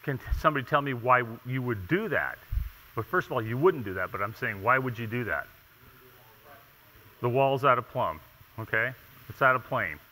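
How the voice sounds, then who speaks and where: A man lecturing at a conference, emphatic and full of rhetorical questions, pausing for "okay?" again and again. His voice is very bright and forceful. Long reverb from a large hall trails behind each phrase. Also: mid-range voice, lively intonation. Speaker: tile installation inspector presenting. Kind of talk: conference presentation.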